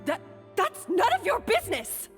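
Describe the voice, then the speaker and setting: An actress voicing a bossy, defensive young head chef in a game, speaking in a sharp way. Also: female voice, extremely high pitch, very animated, moderate pace. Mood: indignant. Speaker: game character. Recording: game audio with light reverb and faint music.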